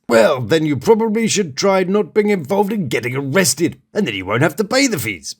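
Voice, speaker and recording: A man's voice: high-pitched, sing-song, normal speed, few pauses. A man with a British accent hosting a satirical recap, full of mocking sarcastic asides. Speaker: host.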